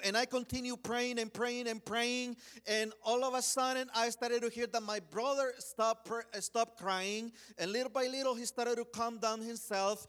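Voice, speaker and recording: A man preaching a sermon, telling a personal story in an earnest way, often restarting and saying "you know", swinging between urgent pleas and hushed quiet. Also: very high voice, fairly even intonation, normal speed.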